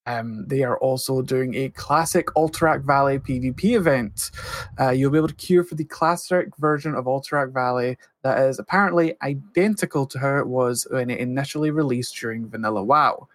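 A man's voice: mid-range voice, a little fast. A man co-hosting a podcast, reading out news items casually with frequent fillers. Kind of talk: casual chat.

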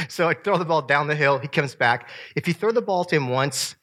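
A man, joking with an audience as he walks through family photos, swinging from loud to soft. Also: on the high side, lively intonation, moderate pace. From Virginia. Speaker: speaker sharing family photos. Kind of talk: casual talk to an audience.

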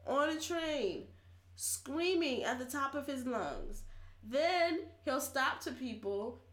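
A woman's voice: high-pitched, slow, echoey room. A woman chatting casually, telling a story with swearing and voicing the people in it. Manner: animated storytelling, profane, acts out quotes. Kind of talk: casual chat.

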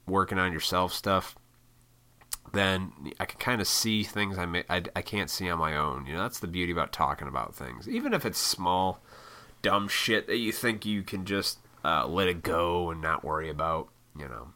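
A man's voice: deep voice, expressive, moderate pace, pushed and bright. A man from Illinois hosting a casual solo podcast, talking in a laid-back, rambling way with lots of swearing. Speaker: podcast host.

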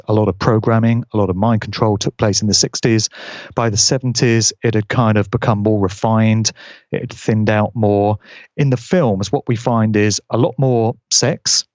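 A man explaining at length in a measured, conversational way. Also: lowish voice, steady tone, a little mellow, no echo. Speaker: guest commentator. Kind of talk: conversational commentary. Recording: dull lo-fi audio.

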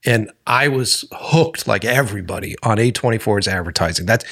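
A man's voice: on the low side, normal speed, creaky, a bit bright. A man who makes films, chatting casually on a podcast in a rambling, profane way that keeps breaking off and restarting. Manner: rambling, profane, self-interrupting. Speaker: filmmaker.

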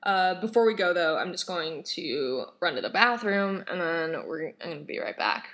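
A woman co-hosting a podcast, acting out an improvised comedy sketch with shrill, whiny dramatics. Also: very animated, normal speed, fairly bright tone. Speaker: podcast co-host.

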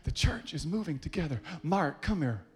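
A man preaches with rising fervor, his voice sitting a little higher than most. He calls out to the congregation in rhythmic bursts that swell into loud climaxes, with soft music faintly underneath. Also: sing-song, moderate pace. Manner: leads the congregation, calling people up by name. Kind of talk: sermon.

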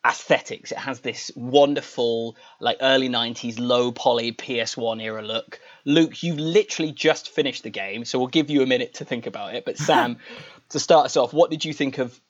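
A man's voice: medium pitch, moderate pace, dull audio. Chatty male podcast host. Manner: chatty, self-deprecating, leads the discussion. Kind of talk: casual podcast chat.

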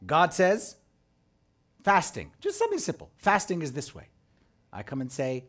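A man preaching a sermon as a priest. He talks in an animated way, acts out the voices he quotes and swings from loud to hushed. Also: a little high, normal speed.

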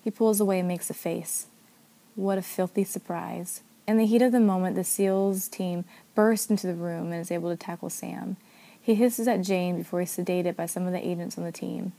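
Mellow-voiced woman reading a story. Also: on the low side, fairly even intonation, normal speed, gravelly. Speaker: narrator.

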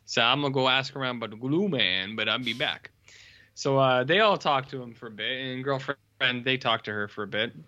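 Chatty guy recapping a movie on a podcast, bright voice, kinda muffled audio. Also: medium pitch, a little fast. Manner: rambling, acts out lines in character voices. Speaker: podcast co-host. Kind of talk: casual chat, recapping a film.

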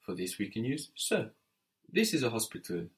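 A man's voice: lowish voice, very animated, moderate pace. A man teaching French in an audio lesson, patient and methodical, prompting the learner and spelling words letter by letter.

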